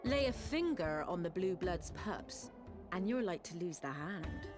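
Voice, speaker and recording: A woman's voice: on the low side, very animated, measured pace. An actress voicing a blunt, commanding female street leader in a video game, with game music behind. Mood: stern. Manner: stern, commanding.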